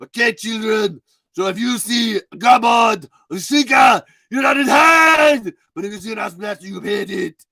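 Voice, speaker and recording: A man's voice: high voice, expressive, normal speed, vocal fry, dry recording, voice pushed up, exaggerated voice. A man doing a bellowing mock-Russian schoolteacher. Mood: stern. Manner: barking, shouted warnings. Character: shouting strict male teacher warning children about monsters.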